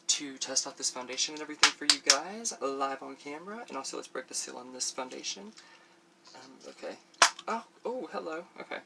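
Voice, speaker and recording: A man's voice: mid-range voice, creaky, background noise. A man chatting through a casual makeup review for his vlog, rambling with many fillers and frequent laughs while he does his makeup on camera at home. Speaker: beauty vlogger.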